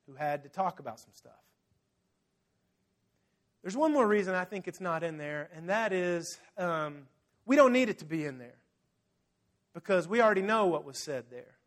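A man preaching a sermon, telling the story vividly, acting out scenes and speaking straight to his congregation. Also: fairly high pitch. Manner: lively storytelling, acts out scenes; addresses the congregation directly. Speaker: pastor.

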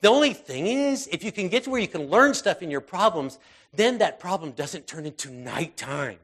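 A man whose voice sits high speaks at normal speed in a sing-song manner while preaching informally. He fumbles with fillers and restarts, and his sermon moves from heightened intensity to quiet, soft passages.

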